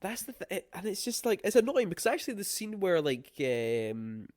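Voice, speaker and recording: Guy ranting about a movie, swears a lot, voice on the higher side. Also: moderate pace. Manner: animated, swears freely, exasperated ranting. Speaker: film review podcast co-host. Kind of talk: casual chat.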